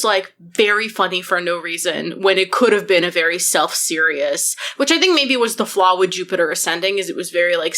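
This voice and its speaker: A woman co-hosts a casual podcast chat, animated and quick to swear and laugh. Her voice has a bright, forceful edge. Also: mid-range voice. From Buffalo, New York. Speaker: podcast co-host.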